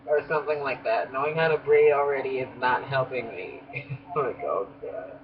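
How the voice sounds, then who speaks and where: A man's voice: mid-range voice, unhurried, pauses often, a crowd in the background. A young man, a beauty school student, telling a rambling story in a casual vlog, laughing often and restarting sentences. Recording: muffled lo-fi audio with background noise.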